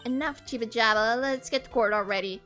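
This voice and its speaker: A woman's voice: fairly high pitch, fairly quick, bright, forceful tone, faint music behind. A woman voicing a rude, foul-mouthed male wooden puppet in a video game, in a brash, insulting way.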